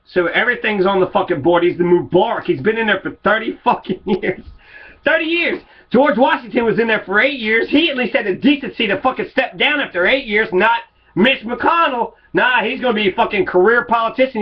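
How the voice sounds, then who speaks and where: Furious swearing man, high voice. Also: highs cut off. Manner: angry, swearing, repetitive. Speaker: political commentator. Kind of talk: profane political rant.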